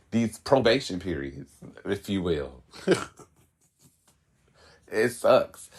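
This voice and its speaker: Candid man with a low voice. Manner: candid, animated, laughs often. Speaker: podcast host. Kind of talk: casual solo monologue.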